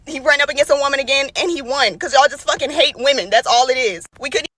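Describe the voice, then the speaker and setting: A woman's voice: high voice, quick pace, fairly bright tone, no room sound. A woman in an emotional social media video, ranting in an upset, profane way.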